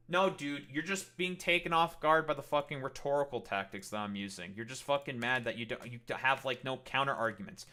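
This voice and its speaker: Male streamer, combative live-stream rant, profane and sarcastic, forceful tone. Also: mid-range voice, fairly quick, few pauses. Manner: sarcastic, mocking.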